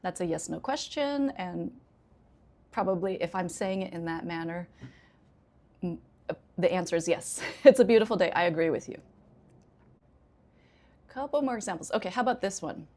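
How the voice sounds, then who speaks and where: A woman ESL teacher with an American accent, giving a spoken English lesson in a clear, deliberate way and addressing learners directly. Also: lowish voice, lively intonation. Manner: clear, deliberate teaching delivery with example sentences.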